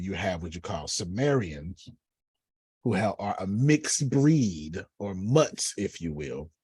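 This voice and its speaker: A man, teaching a lively, preachy Bible lesson over a video call and calling on listeners by name. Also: on the low side, slightly rough, no room sound. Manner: uses Black church phrasing.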